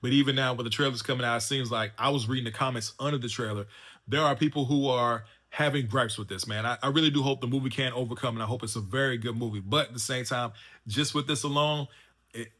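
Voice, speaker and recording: A man reviews a film in an easygoing, chatty way, often circling back with fillers and restarts. His voice is bright and forceful and sits at an ordinary middle pitch. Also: steady tone, quick pace. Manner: loose and chatty, full of fillers and restarts like "man" and "you know what I'm saying". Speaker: movie reviewer and channel host. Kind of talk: casual spoken review.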